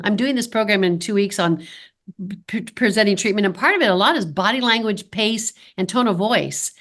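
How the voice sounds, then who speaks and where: Speaking at a moderate pace in a medium-pitched voice, a dental practice consultant in her fifties tells lively stories during a podcast interview. She performs the quoted lines as she recounts them.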